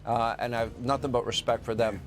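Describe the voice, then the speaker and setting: A man's voice: medium pitch, fairly even intonation, brisk, over music. Indignant male TV host. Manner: list-driven, indignant. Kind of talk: political TV interview.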